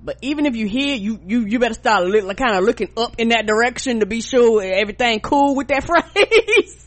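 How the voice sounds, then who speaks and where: A woman from the South, co-hosting a podcast in casual chat and acting out quotes with big pitch jumps. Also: expressive, fairly quick. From American South. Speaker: podcast co-host.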